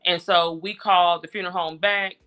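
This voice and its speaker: Appearing as an interview guest, a grieving mother recounts her personal story in conversation, carefully going through each exchange in detail. Her voice is bright and forceful but sits on the low side, with fairly even intonation and a slightly fast pace. She comes across as worn out and frustrated.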